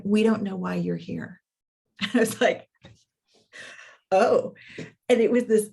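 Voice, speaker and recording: A middle-aged woman coach telling a work story in a podcast conversation, animated and full of quoted dialogue and fillers. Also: medium pitch, husky. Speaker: coach and workshop facilitator.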